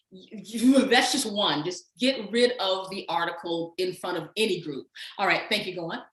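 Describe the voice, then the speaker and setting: A woman's voice: mid-range voice, roomy sound, rough recording. A woman from Texas with a Southern accent, an author talking about her book in a casual conversation. She speaks emphatically and laughs easily. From Texas, USA. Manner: lively, emphatic, quick to laugh.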